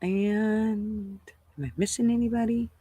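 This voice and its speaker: A woman's voice: medium pitch, fairly even intonation, unhurried, warm tone, breathy edge, dry recording. An older woman hosting a casual livestream, chatting loosely, swearing freely and greeting viewers by name at her computer. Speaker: livestream host.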